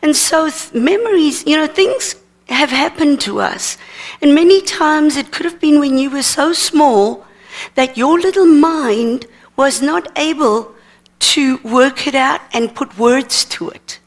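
Sharing her own testimony while teaching at a ministry seminar, a middle-aged woman speaks with a voice that sits high. Her delivery is earnest and halting, and she repeats words.

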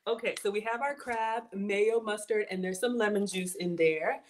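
A woman's voice: mid-range voice, moderate pace. Bubbly woman hosting a cooking livestream. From Georgia, US. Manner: bubbly, teacherly, greets the chat. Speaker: cooking show host.

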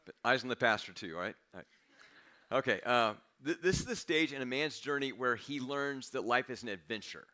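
A man's voice: mid-range voice, lively intonation, normal speed, pushed and bright. A middle-aged American man preaching a sermon as pastor, conversational and confessional, sometimes dropping to a near-whisper.

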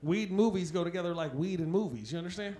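High-voiced man doing profane stand-up. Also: fast, dark tone. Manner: punchy, profane, laughing at his own lines. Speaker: comedian. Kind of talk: stand-up comedy. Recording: noisy live recording.

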